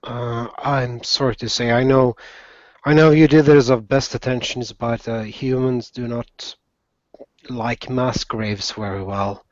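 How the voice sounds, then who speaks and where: Earnest gnome, played by a man, unhurried, measured, dry lo-fi audio. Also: medium pitch, steady tone, no room sound, close to an everyday voice. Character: earnest, gentle male gnome adventurer. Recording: dry, slightly dull lo-fi recording.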